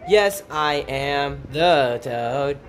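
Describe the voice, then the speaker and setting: A man voicing the blue Toad, a small mushroom man fleeing in a hurry, in a slow, drawn-out goofy delivery. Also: a little high, expressive, background noise.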